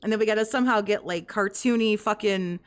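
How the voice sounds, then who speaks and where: A woman's voice: mid-range voice, quick pace, smooth. A woman co-hosting a podcast, talking in crude casual commentary with constant fillers and frequent laughter. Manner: profane, giggly, lots of "like" fillers. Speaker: podcast co-host.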